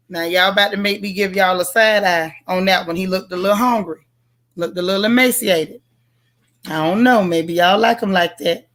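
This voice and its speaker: Woman, livestream host, sassy and playful, bright forceful voice, chatting with viewers. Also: medium pitch. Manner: sassy, playful, talks straight to her audience. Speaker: livestream host reviewing a TV show. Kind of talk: casual livestream chat, reading viewer comments.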